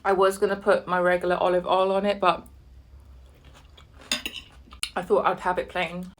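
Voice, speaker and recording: A woman telling an animated, exasperated story while eating, with sudden high-pitched outbursts and soft murmurs over her food. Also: quick pace. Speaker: vlogger.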